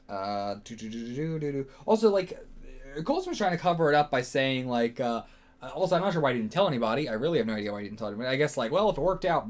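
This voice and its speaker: A man, hosting a casual solo reaction video, rambling and second-guessing himself with lots of fillers. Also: mid-range voice. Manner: rambling, self-questioning, frequent fillers and swearing.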